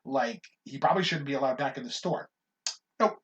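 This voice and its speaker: A man co-hosting a podcast, telling a workplace story in an animated, casual way with plenty of swearing. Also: medium pitch, a little fast, dull audio. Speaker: podcast co-host.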